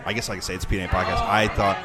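A man co-hosting a podcast, loud, profane and joking in casual banter. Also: low-pitched, level tone, rapid-fire, a crowd in the background. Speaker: podcast co-host.

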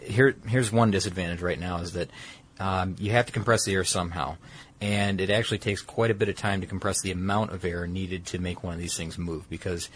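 A man's voice: low-pitched, steady tone, a little fast, slight background noise. A man explaining a technology in casual conversation, rambling and correcting himself with many fillers.

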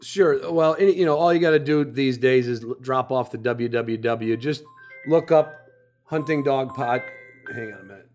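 A man hosting a podcast, talking in a relaxed, rambling way and often restarting his sentences. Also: medium pitch, moderate pace, faint music behind. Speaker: podcast host. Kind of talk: casual podcast chat.

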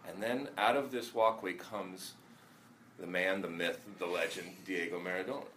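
A former soccer player telling a story in casual chat, halting with fillers and restarts. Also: male voice, low-pitched, fairly even intonation, a bit bright, slight background noise. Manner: rambling, halting anecdotes with many fillers and restarts.

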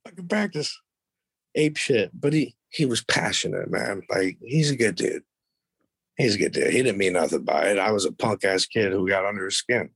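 Creaky and husky, with a lowish pitch and normal speed, a middle-aged man shares profane, no-nonsense stories of his past as a podcast guest. Quoting other people animates him; the recording has no reverb.

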